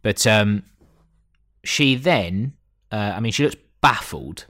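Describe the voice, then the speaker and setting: A man's voice: lowish voice, lively intonation, slow, a bit bright. A man co-hosting a podcast, rambling and joking as he recaps a show, swearing freely. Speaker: podcast co-host. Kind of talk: casual chat.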